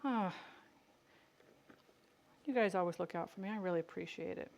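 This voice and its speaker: A woman's voice: lowish voice, moderate pace, darkish tone, dull audio. A woman chatting casually with viewers while she cans beans. She jokes and teases herself as she works. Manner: chatty, joking, self-teasing, talks to viewers by name. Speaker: home canning vlogger. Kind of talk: casual cooking livestream chat.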